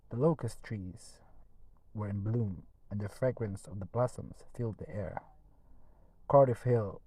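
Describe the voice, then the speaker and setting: A man reading a classic novel aloud in a steady storytelling manner, with occasional small restarts. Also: fairly low pitch, rough recording. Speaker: audiobook reader.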